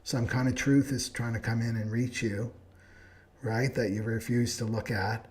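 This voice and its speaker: A man's voice: mid-range voice, little pitch movement, normal speed, darkish tone. Man, astrology teacher, live class, earnest, spiritual tone, checks in with listeners. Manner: earnest, keeps asking "right?". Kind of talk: live online class talk.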